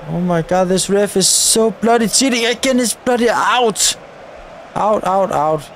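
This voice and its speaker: A young man giving live commentary over a football video game, shouting at the referee in frustrated outbursts. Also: high-pitched, measured pace, a little hiss or hum. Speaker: gaming YouTuber.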